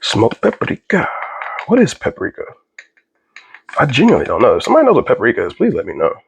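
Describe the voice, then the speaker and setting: A man's voice: medium pitch, huge pitch swings, quick pace, vocal fry, slight background noise. Rambling, jokey man cooking at home. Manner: rambling, jokey, easily sidetracked. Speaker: vlogger. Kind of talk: casual cooking vlog. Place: home kitchen.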